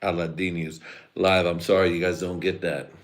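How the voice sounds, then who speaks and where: A man's voice: low voice, flat delivery, moderate pace. A man rambling through a profane live-stream comedy monologue, slipping into mock voices and laughing at his own jokes.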